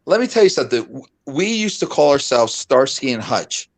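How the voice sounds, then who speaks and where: A man's voice: mid-range voice, fairly quick. A man in his fifties, a guest on a video call, telling stories in a casual, laughing chat. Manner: animated, laughing storyteller.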